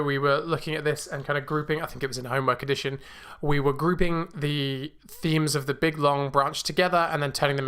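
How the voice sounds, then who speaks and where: Rambling man live-coding, clearing his throat. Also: on the high side, bright, forceful tone. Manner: rambling, thinks aloud with many fillers and restarts. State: slightly choked, clearing throat. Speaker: livestream host coding. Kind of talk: casual live coding walkthrough. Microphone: new desk mic.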